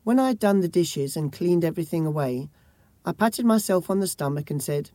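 A woman reading a first-person memoir-style story in a measured, grave manner. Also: fairly low pitch, animated, dark tone, no echo. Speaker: audiobook narrator. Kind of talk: first-person audiobook narration.

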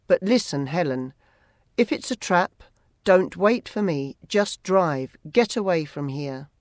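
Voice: medium pitch, lively intonation, a little slow, no room sound, studio quality, natural voice. A serious, protective father, as a reader voices him. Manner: serious, commanding. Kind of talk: audiobook character reading.

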